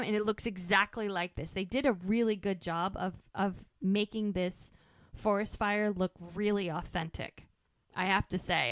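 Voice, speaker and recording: A woman co-hosting a podcast, recapping a TV episode in a lively, casual way and acting out the characters' lines. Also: medium pitch, clear, resonant tone, dry recording. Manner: animated retelling, acting out quoted lines. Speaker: podcast co-host.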